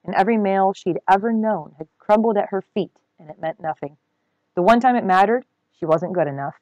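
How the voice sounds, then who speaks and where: A woman reading a novel aloud with expressive, dramatic storytelling. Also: on the low side, no echo, poor audio.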